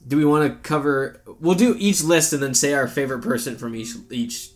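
A man's voice: on the high side, brisk. Rambling, jokey man co-hosting a podcast. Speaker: podcast co-host. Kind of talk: casual chat.

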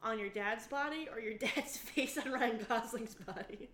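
A woman's voice: fairly high pitch, moderate pace, fairly bright tone, slight background noise. A young woman hosting a casual podcast, teasing and giggly. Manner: giggly, teasing, asks silly questions. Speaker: podcast host. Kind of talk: casual joking chat. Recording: echoey room.

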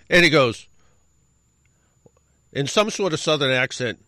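A middle-aged man hosts a radio show and tells a long, casual story. His pitch swings up and down a lot. He corrects himself often and adds wry asides, and his voice sounds dry and close. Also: sing-song, normal speed, long pauses, sharp tone, no room sound. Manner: rambling, self-correcting anecdote with wry asides.

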